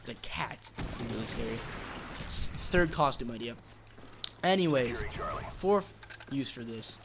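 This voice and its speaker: A man hosting his own channel, rambling through dark jokes and cutting himself off mid-sentence. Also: mid-range voice, animated, measured pace, background noise. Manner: rambling, dark-joking, self-interrupting. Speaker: channel host. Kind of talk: joking rambling vlog.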